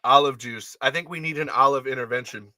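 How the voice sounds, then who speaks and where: A man's voice: mid-range voice, a little fast, bright, forceful tone, dry recording. A man hosting a podcast, chatting playfully and laughing often. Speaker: podcast host. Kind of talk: casual chat.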